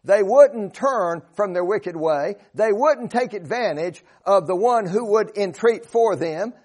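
Man, preacher, high voice, earnest, emphatic, sermon, scripture recitation. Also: expressive, measured pace, darkish tone, slightly rough. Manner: earnest, emphatic, quotes scripture in King James wording.

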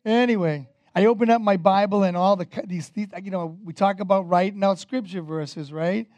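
A man preaching a sermon as pastor, energetic and conversational, with casual fillers. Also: sits high, normal speed, no room sound.

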